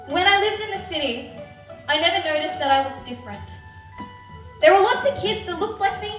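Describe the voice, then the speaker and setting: A woman's voice: very high voice, reverberant, recorded from a distance, poor audio. A woman telling a personal story on stage in a candid, conversational way. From Australia. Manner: candid, conversational, with small restarts. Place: theatre stage.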